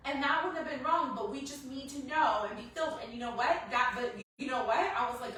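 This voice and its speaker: A woman sharing a personal testimony with a small church group, an animated storyteller who laughs often and acts out her own panic. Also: high voice, brisk, hardly any pauses, a little hiss or hum. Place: house church gathering room. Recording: echoey room, distant from the mic.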